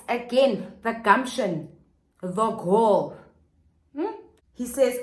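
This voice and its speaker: A young woman telling a scandalous story in a vlog, sassy and animated, acting out the quotes. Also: on the high side, takes it slowly. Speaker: vlogger. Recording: roomy echo.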